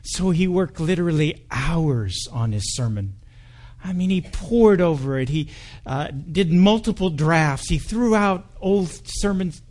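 A man's voice: on the high side, animated, unhurried, a little mellow. A man preaching at a church anniversary, telling a humorous story in a conversational manner with frequent ums. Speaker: pastor.

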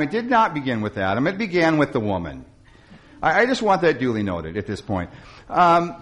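A male pastor delivers a sermon at a mid-range pitch. He retells the story with lively, animated storytelling and drops in wry asides to his listeners.

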